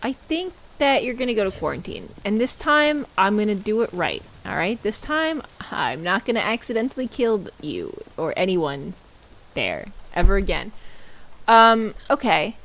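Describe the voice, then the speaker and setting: A woman streaming a game, chatting casually and playfully, mocking herself and exclaiming loudly when startled. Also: mid-range voice, sing-song, moderate pace. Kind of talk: casual gameplay commentary.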